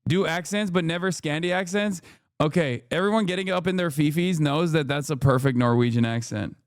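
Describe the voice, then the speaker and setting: A man hosting a live stream, reacting to news in an incredulous, profane, fast-riffing way. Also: a little high, no echo, clean studio sound. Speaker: streamer host.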